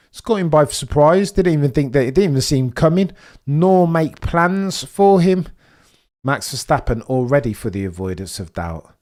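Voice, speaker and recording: A young man hosting a live race watch-along stream, chatting with viewers and reacting excitedly as the race unfolds. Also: fairly high pitch, normal speed. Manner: excitable, chatty, reads chat messages, swings from muttering to excited shouting.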